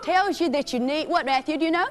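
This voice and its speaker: A woman's voice: high voice, fast, slight background noise. A woman teaching a children's fitness class in a gym, encouraging and calling out names and commands. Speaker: physical education teacher.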